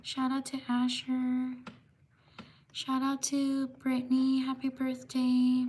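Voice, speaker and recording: A woman hosting a live stream, reading out viewer names one by one with quick apologies for mispronouncing them. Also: sits high, completely flat delivery, a little mellow, a little hiss or hum. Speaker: livestream host.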